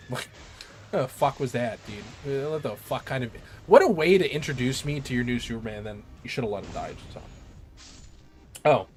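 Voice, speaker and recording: Man, game streamer, mid pitch, excitable rambling chat peppered with swearing. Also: moderate pace, faint music behind. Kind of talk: casual chat while gaming.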